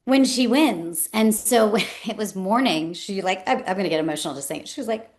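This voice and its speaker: Woman host, chatty and expressive, acts out every quote, laughs easily. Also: medium pitch, fast. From New York State. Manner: animated storyteller, acts out quotes, laughs often. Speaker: podcast host. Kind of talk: casual conversational interview.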